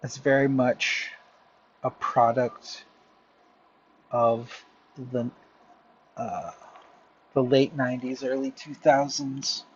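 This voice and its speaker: A man chatting casually to viewers while he draws, rambling and muttering softly to himself. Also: mid-range voice, flat delivery, slow pace, long pauses, dull audio, a little hiss or hum. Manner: rambling, self-talking, drifts into soft muttering. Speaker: drawing vlogger. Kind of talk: casual talk while drawing. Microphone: headphones with mic.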